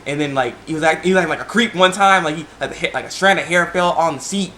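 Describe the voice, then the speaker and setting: Talking fast in a casual video review, an eager young man rambles about an anime episode, stopping to restart and dropping fillers throughout. He has a slightly high voice. Under it all runs a soft hiss.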